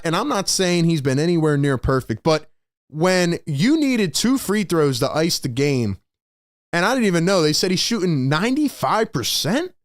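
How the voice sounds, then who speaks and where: A man hosting a live postgame sports talk stream, talking in an animated, rhetorical way and often calling his listeners "man". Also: a little high, no echo, studio quality. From Philadelphia area.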